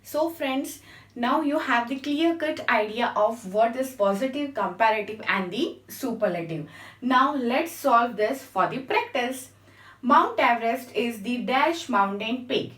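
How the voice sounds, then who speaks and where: A woman's voice: a little high, expressive, unhurried, a bit bright. A woman teaching a grammar lesson, patiently spelling out letters and checking with her class. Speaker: English teacher. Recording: echoey room, mic at a distance.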